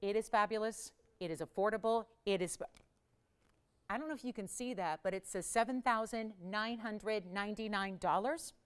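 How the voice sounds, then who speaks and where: Woman, jewelry shopping host, live TV sales pitch, enthusiastic, emphatic, smooth clear voice. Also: moderate pace. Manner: enthusiastic, emphatic selling with repeated phrases.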